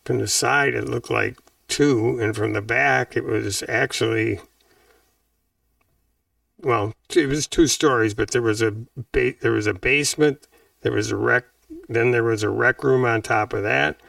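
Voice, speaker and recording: Gravelly older man reminiscing. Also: mid-range voice, measured pace, fairly bright tone, no echo, clean studio sound, recorded from a distance. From Wisconsin, USA. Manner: rambling, self-correcting. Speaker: interview guest. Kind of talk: casual reminiscing.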